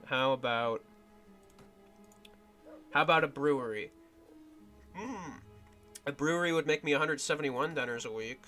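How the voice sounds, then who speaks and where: A man's voice: fairly high pitch, moderate pace, pauses often, pushed and bright, soft background music. A man streaming a game in casual commentary, thinking aloud and often trailing off and restarting.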